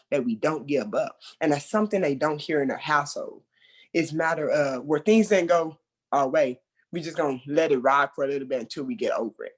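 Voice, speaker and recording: A mentor trainer talks through a training session in a loose, conversational way. The delivery is animated, with remembered quotes acted out loudly and laughter between points. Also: medium pitch.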